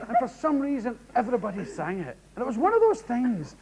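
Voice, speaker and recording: A Scottish man doing a stand-up storytelling set, lively and animated, often mimicking others in sharp high voices. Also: fairly quick. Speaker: comedian. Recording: 1980s TV audience show, loud crowd and noise. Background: loud audience laughter.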